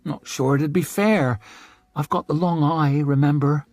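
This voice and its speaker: A man's voice: a little high, steady tone, a little slow, a little mellow, no room sound, voice pushed up. A man voicing a blunt, earthy young northern woman with a dry, teasing way of talking. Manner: dry, teasing, plain-spoken.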